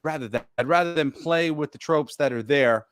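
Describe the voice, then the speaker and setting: A man co-hosting a geek podcast in casual chat, animated and swearing, acting out quotes as he talks. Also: a little high, a little fast, no room sound, studio quality. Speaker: podcast co-host.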